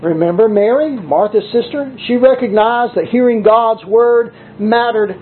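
Tinny, lo-fi sermon preacher. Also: mid-range voice. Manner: deliberate, emphatic, reads scripture aloud. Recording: tinny lo-fi recording with faint hiss.

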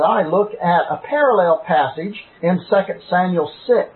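High-voiced man teaching scripture, phone-thin. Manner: deliberate, emphatic on key words. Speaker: preacher. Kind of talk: bible lesson. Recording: tinny phone-like sound.

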